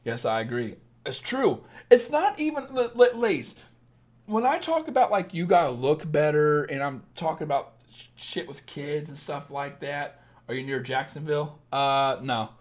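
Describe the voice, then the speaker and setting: A man's voice: fairly high pitch, animated, normal speed. A young man with a Southern Illinois accent, a dating coach talking bluntly and profanely on a late-night livestream.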